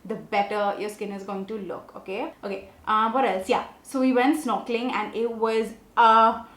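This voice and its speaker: Chatty higher-voiced woman in an echoey room. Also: moderate pace. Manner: chatty, animated, often asks okay?. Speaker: beauty vlogger. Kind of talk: casual makeup tutorial and storytelling.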